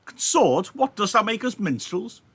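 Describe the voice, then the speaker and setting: A man reading a hot-headed young Mercutio, raised pitch, loud, indignant, quick to take offence. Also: big pitch swings, slightly rough, no echo, exaggerated voice.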